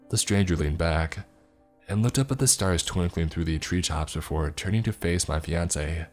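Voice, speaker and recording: A man narrating a horror story in a steady, measured way. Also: low voice, soft background music.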